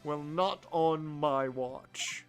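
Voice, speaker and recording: A man's voice: on the high side, extremely slow, clean tone, pitched below the performer's own voice. A man voicing a grandiose, heroic male nine-tailed fox wrestler in a video game, with faint music behind him. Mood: boastful. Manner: grandiose, declamatory.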